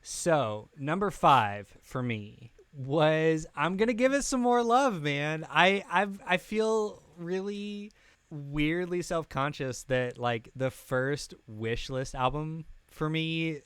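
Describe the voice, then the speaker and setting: A man co-hosting a podcast in casual chat, animated, laughing often and talking with lots of filler words into a podcast mic. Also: a little high, takes it slowly, clear, resonant tone, dry recording. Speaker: podcast co-host. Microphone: podcast mic with pop filter.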